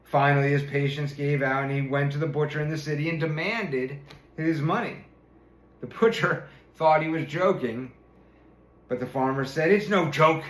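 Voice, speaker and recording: A man's voice: a little high, normal speed. A man reading a fairy tale aloud, chuckling now and then as he narrates. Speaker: storyteller. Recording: roomy echo.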